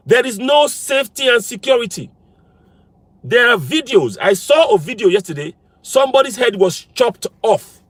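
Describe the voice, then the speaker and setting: A man with a high voice, delivering a fervent political monologue full of pointed, repeated questions. His pitch swings widely as he presses each point home. He is recorded close and dry. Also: a bit bright, dry recording. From Nigeria. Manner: fires repeated rhetorical questions, insistent and emphatic. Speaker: political commentator.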